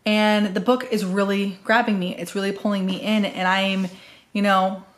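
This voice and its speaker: Casual female book vlogger from the US Northwest, mid pitch, rambling and chatty with fillers. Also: little pitch movement, normal speed. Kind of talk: casual chat.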